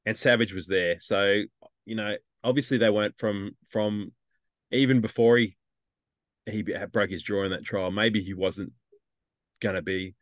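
Man, co-host, hesitant, fairly low voice. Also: steady tone, moderate pace, no room sound, studio quality. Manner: hesitant, thinking aloud. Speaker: podcast co-host. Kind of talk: casual sports chat.

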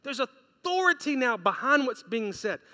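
A high, bright male voice delivers a lively sermon full of acted-out anecdotes. It rings through a big hall with a long reverb trail. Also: normal speed. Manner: storytelling, animated, acts out quotes. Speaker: pastor.

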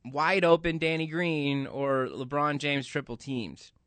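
A man's voice: on the high side, unhurried, a bit bright, no echo. A man co-hosting a sports radio show who argues his sports opinions earnestly. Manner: earnest, argumentative about sports. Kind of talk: casual radio banter. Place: radio studio.

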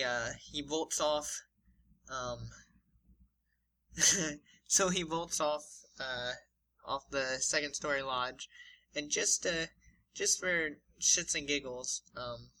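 A man's voice: a little high, sharp tone, poor audio. A man co-hosting a podcast, casually narrating an imagined fight with many fillers and restarts. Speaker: podcast co-host.

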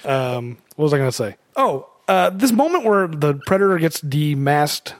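A man's voice: fairly high pitch, very animated, moderate pace, dry recording. A man co-hosting a podcast, chatting casually about a movie and laughing often as he rambles. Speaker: podcast co-host. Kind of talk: casual movie commentary chat.

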